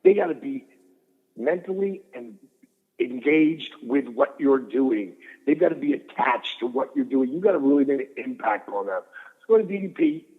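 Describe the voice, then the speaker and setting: A middle-aged man telling stories as a guest in an interview, animated and swearing freely. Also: medium pitch, moderate pace, slightly rough, long reverb tail, narrow, tinny audio. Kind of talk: storytelling interview.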